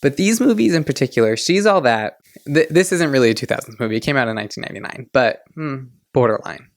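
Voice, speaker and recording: A man in his twenties hosting a podcast, chatting in a gushing, excitable way. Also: mid-range voice, fast talker, no room sound, studio quality. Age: 20s. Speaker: podcast host. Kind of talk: casual chat.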